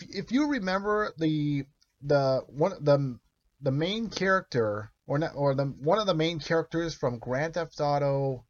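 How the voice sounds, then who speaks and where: Man in casual interview, lively swinging pitch, slightly raised voice, joking, halting. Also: lo-fi sound. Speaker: voice actor.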